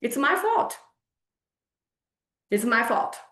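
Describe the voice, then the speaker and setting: A woman's voice: fairly high pitch, very animated, slow pace, a bit bright. Blunt, exasperated woman fitness coach. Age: 40s. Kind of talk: scolding group coaching call. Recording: echoey room.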